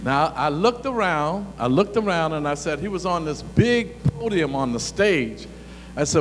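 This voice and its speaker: Fiery high-voiced man in a hall. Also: a little slow. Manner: animated, colloquial storyteller who gets excited. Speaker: former city council member giving a talk. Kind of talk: fiery public speech. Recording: reverberant hall with faint hum.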